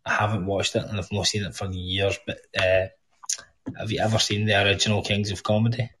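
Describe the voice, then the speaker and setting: A man's voice: fairly low pitch, level tone, a little fast, a bit bright, slight background noise, poor audio. Teasing, foul-mouthed Scottish man. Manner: blunt, swearing, teasing. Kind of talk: casual chat on a call.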